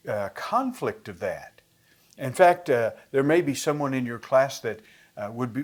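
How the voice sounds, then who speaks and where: Earnest male Bible study teacher. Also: medium pitch. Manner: earnest, explanatory, reads scripture aloud with emphasis; conversational teaching, pauses to define words.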